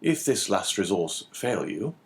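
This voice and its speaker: A man voicing a calm, measured Englishman. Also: low-pitched, exaggerated voice. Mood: probing. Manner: measured, quietly probing. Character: calm, composed English stranger, middle-aged man. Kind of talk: audiobook character reading.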